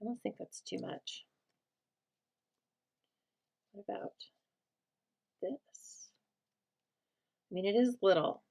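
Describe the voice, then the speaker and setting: A middle-aged American woman hosting a casual crafting chat, talking aloud as she works and often dropping to a soft murmur. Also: mid-range voice, unhurried, gravelly, long pauses. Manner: chatty, thinks aloud, drops to a soft murmur while working. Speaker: craft host.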